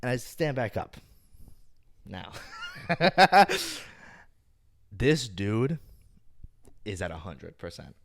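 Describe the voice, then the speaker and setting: A man's voice: on the low side, very slow, creaky, pauses often. A young man co-hosting a podcast, telling a story in casual comedic style and often checking in with "right?". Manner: animated, keeps checking in with "right?". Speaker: podcast co-host.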